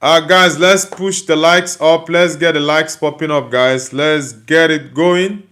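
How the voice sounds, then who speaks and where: A man's voice: fairly high pitch, fairly even intonation, a little slow, fairly bright tone, clear, resonant tone. A Nigerian man, a native Igbo speaker, hosting a casual livestream and chattily answering viewer comments he reads aloud. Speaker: host.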